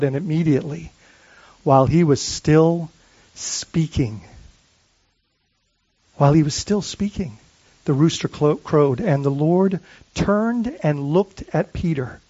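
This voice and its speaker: A man's voice: fairly high pitch, lively intonation, a little slow, warm tone, no echo, dull audio. A man preaching as a pastor, earnest, asking rhetorical questions and often restarting his sentences. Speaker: lead pastor. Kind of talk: sermon.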